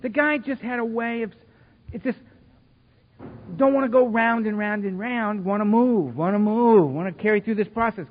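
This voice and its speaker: A middle-aged man speaking at a recovery meeting, telling self-mocking, humorous stories with many conversational asides. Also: high voice. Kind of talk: recovery talk with personal stories. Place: meeting hall before an audience. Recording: reverberant hall, dull lo-fi sound.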